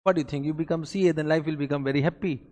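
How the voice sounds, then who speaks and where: A man with an Indian English accent gives an exam pep talk to a class, asking rhetorical questions and repeating himself for emphasis. His voice sits fairly high for a man. A long reverb trails after every line. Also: steady tone, rapid-fire, darkish tone. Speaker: accountancy exam lecturer. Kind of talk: motivational revision lecture.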